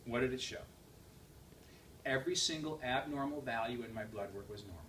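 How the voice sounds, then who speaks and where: A man speaking as a guest at an event, telling a story with lively emphasis, quick laughs and repeated phrases. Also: medium pitch. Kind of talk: motivational talk to an audience. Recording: distant mic with faint room noise.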